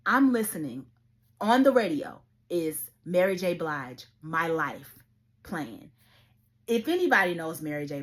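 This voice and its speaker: A woman hosting her own show, telling a personal story in an earnest, emotional way. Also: fairly low pitch. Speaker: show host. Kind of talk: personal testimony vlog.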